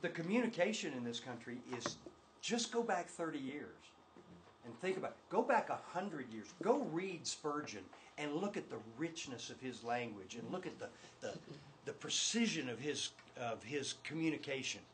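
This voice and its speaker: A man's voice: on the high side, very animated, normal speed, slight background noise, rough recording. An older man teaching a church class with slides, talking in an enthusiastic, emphatic way. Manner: enthusiastic, emphatic, talks with restarts.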